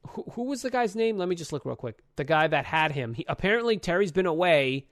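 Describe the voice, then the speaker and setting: A man co-hosting a casual podcast, retelling a story in a lively, profane way with sudden jumps in pitch. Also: fast, no echo, clean studio sound. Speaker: podcast co-host.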